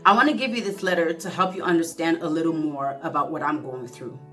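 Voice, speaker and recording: A woman's voice: low-pitched, sharp tone, soft background music. A woman vlogger speaking earnestly to her viewers and reading a heartfelt letter aloud, fighting back tears, sometimes tripping over words. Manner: earnest, emotional, halting reading with self-corrections. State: close to tears.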